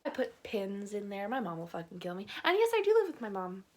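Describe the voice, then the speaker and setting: A woman's voice: mid-range voice, big pitch swings, fast talker, darkish tone. A young adult woman telling a story on her vlog in a chatty, filler-heavy way, often breaking into laughter. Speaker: vlogger.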